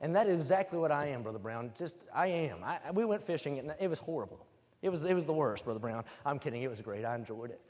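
A man from West Virginia preaching a humorous sermon, joking with the room and calling for amens as he builds to loud, emphatic points. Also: on the high side, expressive, fast. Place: church hall. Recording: reverberant hall.

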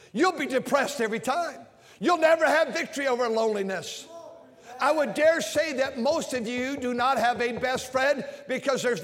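A man preaching an impassioned sermon, swinging between shouts and quiet lines. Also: very high voice. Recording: long hall reverb.

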